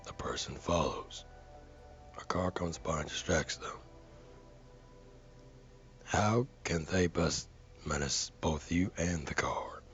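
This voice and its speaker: A man's voice: sits low, takes it slowly, pauses often, a bit bright, muffled recording, faint music behind. A man earnestly reading a viewer comment aloud, carefully and with dramatic stresses.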